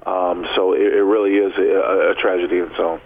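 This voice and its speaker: A man calling in as a radio guest, speaking in a somber, measured way. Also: sits low, little pitch movement. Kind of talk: phone-in interview. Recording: tinny phone line.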